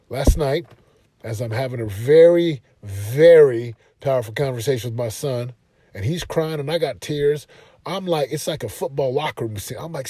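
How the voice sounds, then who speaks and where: A man's voice: mid-range voice, moderate pace, warm tone, no echo. A man hosting a motivational parenting talk, passionate and emphatic, pressing his points home with force. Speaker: podcast host and parenting speaker.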